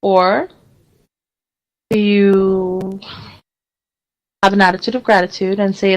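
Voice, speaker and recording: A lively woman radio host talking in a casual, chatty way. She acts out quoted exchanges as she goes and laughs often. Her voice sits at a middle pitch for a woman. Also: slow pace, pauses often, poor audio.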